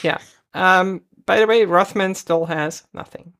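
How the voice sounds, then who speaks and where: A woman's voice: lowish voice, unhurried, fairly bright tone. A woman co-hosting a casual chat, retelling scenes from a show and quoting the characters, with frequent restarts and laughs. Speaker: podcast co-host recapping a TV episode.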